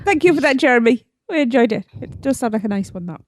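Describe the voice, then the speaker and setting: Giggly high-voiced woman co-host. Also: animated, fast talker, slight background noise. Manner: giggly, playful, stumbles over words. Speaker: podcast co-host. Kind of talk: casual chat.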